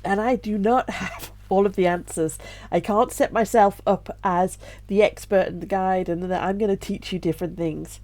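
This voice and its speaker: A tearful middle-aged woman talks to her camera in a personal vlog. Her voice is soft and reflective, with sighs and small laughs between thoughts. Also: mid-range voice, fairly even intonation, normal speed. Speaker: vlogger and self-published author.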